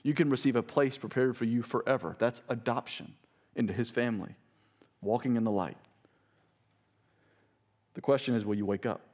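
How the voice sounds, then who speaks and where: A man's voice: steady tone, moderate pace, pauses often, a little mellow. A man, a pastor, preaching a sermon. He reads scripture aloud with rising emphasis and breaks in with asides to his congregation. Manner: preaching, rises in pitch and volume when reading scripture aloud; talks straight to the congregation with asides like "listen".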